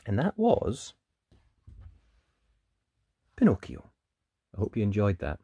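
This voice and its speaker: A storyteller reading a fairytale picture book aloud, slowly and expressively, dipping into whispered sound effects. The voice is a little husky with a lively pitch. The recording is close and dry. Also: no room sound. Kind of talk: children's read-aloud storytelling.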